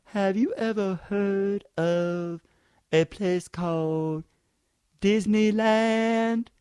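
A man imitating another man who talks slowly in broken, simple phrases. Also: sits high, darkish tone, clear, resonant tone, dry recording, pitched above the performer's own voice. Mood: halting. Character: halting slow-talking man leaving messages.

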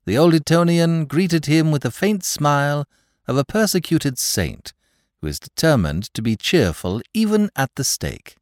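A man narrating a classic story in a measured, expressive reading. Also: on the high side, no room sound, studio quality. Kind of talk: audiobook reading of classic fiction.

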